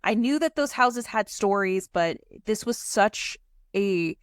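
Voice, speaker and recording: Chatty woman telling a ghost story on a podcast, dry room, middle pitch. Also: lively intonation, slow pace, clear, resonant tone, dry recording. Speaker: guest.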